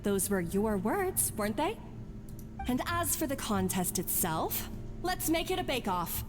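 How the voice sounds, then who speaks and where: A woman's voice: a little high, big pitch swings, unhurried. An actress playing a confident young female chef in a game, talking in a bold, challenging way. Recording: game audio with reverb and music.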